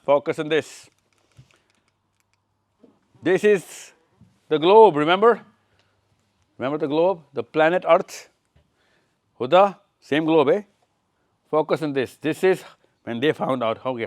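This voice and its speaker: Recorded dry and at studio quality, a touring speaker with a slightly high voice gives a live slide lecture to an audience in an event room. He points through his slides, repeats phrases, and calls on listeners by name to quiz them.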